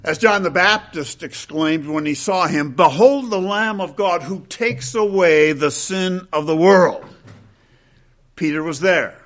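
A man preaching an expository sermon, quoting scripture at length in a measured cadence and slowing to stress key phrases. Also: sits high, fairly bright tone. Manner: deliberate, emphatic, with slowed stresses on key phrases.

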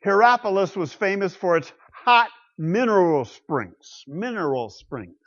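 A man preaching a sermon in a slightly raised voice, his delivery emphatic, with loud bursts of declaration that drop to quiet, confiding asides. The recording is dull and lo-fi, missing its high end. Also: very animated, a little slow. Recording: dull lo-fi sound.

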